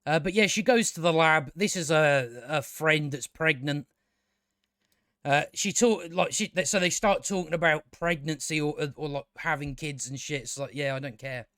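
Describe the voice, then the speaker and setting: A man's voice: on the high side, normal speed, a bit bright, no echo, studio quality. A man giving a casual spoken review of a show, exasperated and ranting, swearing freely.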